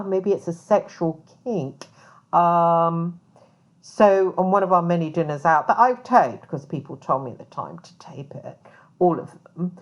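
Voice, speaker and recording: A woman talking in an aggrieved, rambling monologue full of ums and restarts. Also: on the low side. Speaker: private investigator. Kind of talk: indignant monologue to camera. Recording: dull lo-fi sound.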